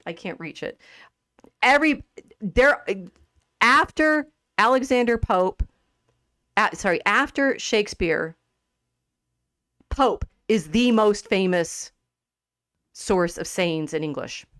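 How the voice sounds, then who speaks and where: A woman's voice: mid-range voice, slow pace, pauses often, clean tone, no echo, studio quality. Chatty, laughing woman host. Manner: animated and chatty, laughs often, trails off mid-sentence. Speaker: podcast co-host. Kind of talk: casual livestream chat about poetry.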